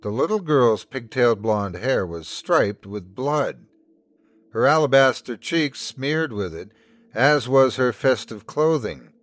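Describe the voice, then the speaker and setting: A man hosting and narrating a scripted horror story in a measured, dramatic way. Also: mid-range voice, animated, no echo. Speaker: host and narrator.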